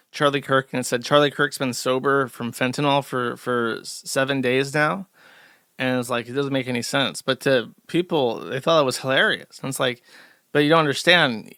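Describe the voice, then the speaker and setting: Bright-voiced sarcastic male streamer. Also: medium pitch, dry recording, studio quality. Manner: mocking, sarcastic, rambling with many fillers. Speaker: streamer host. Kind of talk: casual live-stream commentary.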